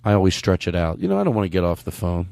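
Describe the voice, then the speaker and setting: A man hosting a comedy podcast, joking excitedly, swearing and laughing often in casual banter. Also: sits low, racing, vocal fry. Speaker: podcast host.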